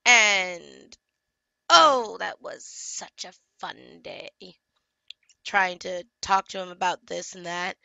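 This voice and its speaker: A young woman vents in a casual vlog rant, her voice bright and sharp. She sounds exasperated and swears freely as she talks. The sound is dry and close, with no room around it. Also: medium pitch, slow pace, vocal fry, clean tone, no room sound. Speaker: comic book colorist and vlogger.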